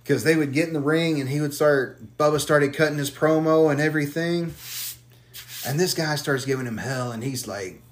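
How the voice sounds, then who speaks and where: A man hosting a casual podcast who tells long, profane, animated stories. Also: on the high side, moderate pace. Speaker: podcast host.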